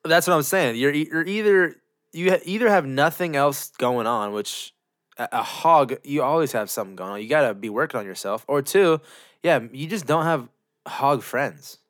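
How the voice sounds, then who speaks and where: Smooth-voiced joking podcast co-host man. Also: on the high side, expressive, moderate pace, fairly bright tone. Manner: joking, swearing, laughs often. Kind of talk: casual podcast chat.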